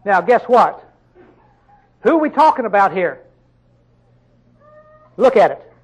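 A man preaching a sermon, reading scripture slowly and drawn out, often questioning his listeners, with sudden loud emphatic bursts. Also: high-pitched, very animated, breathy edge, rough recording.

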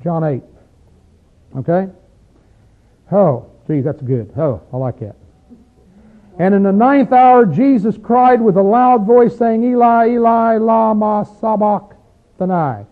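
A man's voice: high-pitched, slow, long pauses. A man leading an interactive Bible study, teaching emphatically and asking the group questions as he goes. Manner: emphatic, questions the group, rises when stressing points. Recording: tinny phone-like recording.

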